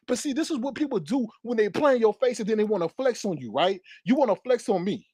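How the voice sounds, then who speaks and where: High-voiced man ranting on a livestream. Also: lively intonation, fast, hardly any pauses, a little mellow, breathy edge, no echo, clean studio sound. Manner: angry, profane, repetitive. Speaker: livestream host. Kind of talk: heated livestream rant.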